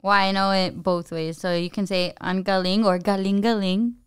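A woman's voice: mid-range voice, fairly even intonation, moderate pace, clear, resonant tone, no room sound. A young woman co-hosting a podcast in casual chat, playful and teasing, laughing often. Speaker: podcast co-host.

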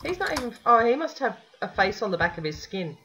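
A woman's voice: medium pitch, sing-song, fast, fairly bright tone, low-quality recording. Giggly, sweary young woman gamer. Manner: giggly, swears freely, teasing. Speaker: gaming channel host. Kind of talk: casual chat while playing a drawing game. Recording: faint background noise.

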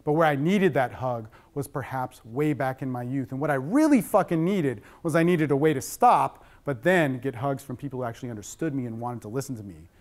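A man's voice: mid-range voice, animated, a little fast, few pauses, darkish tone. A middle-aged man giving a talk on addiction with slides, speaking bluntly and conversationally with plenty of swearing.

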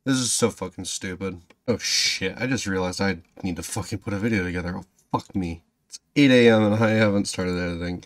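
A man giving gameplay commentary, swearing constantly and swinging from low muttering to loud ranting, with sarcastic asides to himself. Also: a little fast. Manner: sarcastic self-talk. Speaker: gaming channel host.

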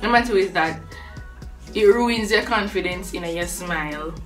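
Chatty Jamaican woman vlogging, low voice. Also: a little slow, fairly bright tone, recorded from a distance. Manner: chatty, laughs between points. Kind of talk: casual talk to camera. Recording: voice a bit off-mic with faint music behind.

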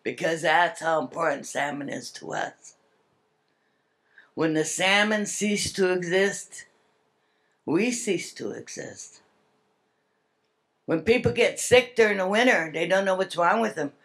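A woman's voice: lowish voice, a little slow, long pauses, fairly bright tone. An older woman giving an earnest, heartfelt public speech at a summit. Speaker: speaker at a salmon summit.

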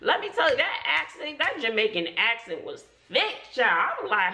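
A woman's voice: on the high side, big pitch swings, moderate pace, hardly any pauses, bright, forceful tone. A middle-aged woman from Brooklyn chatting casually to camera as a family vlogger, playfully slipping into a put-on patois and peppering her talk with "you know.". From Brooklyn, New York.

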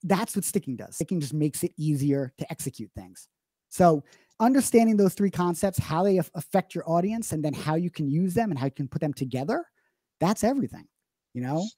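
A man's voice: a little high, lively intonation, fairly quick, mellow, slightly rough, no echo. A man explaining drumming as a teacher in a live online Q&A lesson, talking emphatically with frequent restarts. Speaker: drum teacher.

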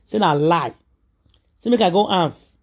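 A woman's voice: on the low side, a little slow. A Nigerian woman delivering casual celebrity gossip commentary, hammering each point home again and again. Her tone is preachy and emphatic, slipping easily into Pidgin phrases. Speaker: gossip vlogger.

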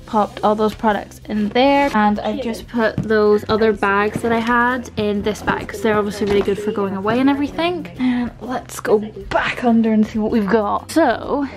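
A woman's voice: medium pitch, moderate pace, few pauses. A young British woman in casual, upbeat vlog chat, talking through her bedroom as she sorts it, filming on a phone held at arm's length. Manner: chatty, upbeat, rambling. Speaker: vlogger.

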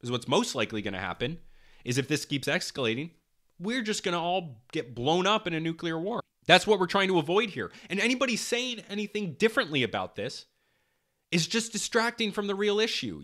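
A man's voice: high voice, big pitch swings, fairly quick, a bit bright. A young man hosting a podcast, delivering a heated political monologue, swearing often and repeating himself for emphasis. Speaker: podcast host.

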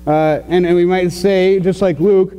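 Pastor guy preaching, kinda high voice, lots of uhs and restarts, echoey church reverb. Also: fairly even intonation, dark tone, clean tone. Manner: conversational, halting with many fillers and restarts. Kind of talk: sermon. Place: church sanctuary.

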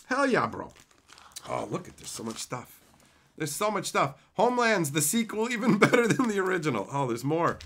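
A man live-streaming as he opens card packs and reads viewer messages aloud, in profane, excitable, rambling banter. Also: high voice, normal speed.

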